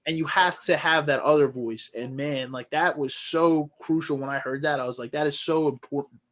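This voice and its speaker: A man's voice: a little high, normal speed, fairly bright tone. A man co-hosting a podcast, talking earnestly and motivationally in casual chat with plenty of fillers. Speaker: podcast co-host.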